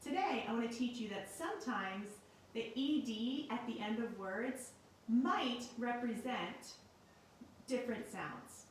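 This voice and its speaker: Woman teacher explaining slow and clear, kinda high voice, lots of room echo. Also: lively intonation, slight background noise. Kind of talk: recorded classroom lesson. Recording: very echoey room, mic at a distance.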